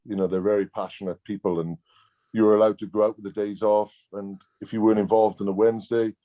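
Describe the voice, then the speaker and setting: A man's voice: lowish voice, little pitch movement, quick pace, warm tone. A Welsh man, a former rugby player, telling stories as a guest in a casual, blunt way, laughing often. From Wales. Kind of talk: casual storytelling.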